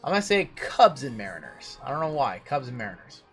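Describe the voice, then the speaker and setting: A man's voice: medium pitch, big pitch swings, a little fast, a bit bright, soft background music. A man hosting a trading card break livestream, chatting casually and answering viewer questions as he opens packs.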